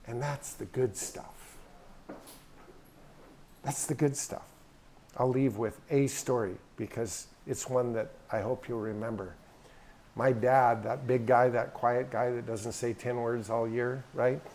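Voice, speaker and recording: A man's voice: medium pitch, steady tone, a little slow, darkish tone. A middle-aged man speaking at an event in a hangar, telling a folksy, emphatic story in a drawling manner. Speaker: guest speaker. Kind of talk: storytelling talk.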